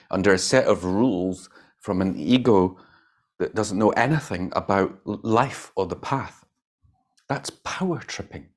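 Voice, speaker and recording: A man giving a Buddhist dharma talk as a meditation teacher. He speaks in an animated, emphatic way, laughs often and swears casually. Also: low voice.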